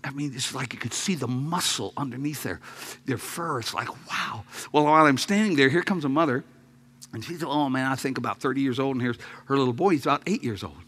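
A man preaching a sermon to his congregation, telling a story with jokes, dropping to quiet murmurs and then rising to loud outbursts. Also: medium pitch, fast talker, husky. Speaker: pastor. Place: church sanctuary.

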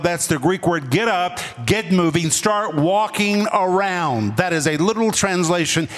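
A man's voice: a little high, moderate pace, faint music behind. Emphatic preaching man in a big hall. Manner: preaching with sudden drops and emphatic repetition. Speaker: pastor. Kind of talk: sermon. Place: church.

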